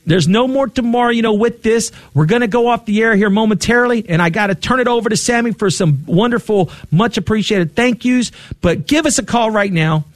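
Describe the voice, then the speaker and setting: A man co-hosting a radio fundraiser, talking fast and excitedly as he urges listeners to call in. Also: high-pitched, no echo, studio quality. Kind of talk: on-air fundraising appeal.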